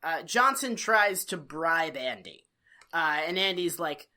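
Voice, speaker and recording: Bright-voiced woman podcaster, profane and animated. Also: sits low. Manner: profane, animated recapping with quick impressions. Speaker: podcast co-host. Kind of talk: casual podcast chat.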